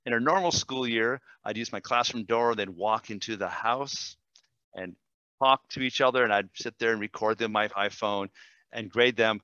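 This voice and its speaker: A man, a language teacher, demonstrating software in a webinar, enthusiastic and quick, with fillers and self-corrections. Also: lowish voice, smooth, dry recording, muffled recording. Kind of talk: screen-share webinar demo.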